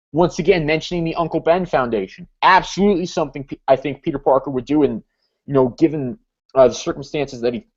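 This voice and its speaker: A man's voice: medium pitch, a little mellow, muffled recording. A man co-hosting a casual comic book chat, hesitant, with frequent fillers and restarts. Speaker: co-host.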